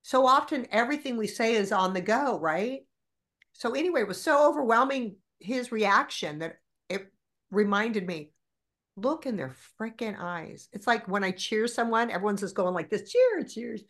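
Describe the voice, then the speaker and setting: A woman's voice: mid-range voice, normal speed. A woman in her forties, a podcast guest, telling stories candidly and animatedly with plenty of swearing. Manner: animated, profane storyteller.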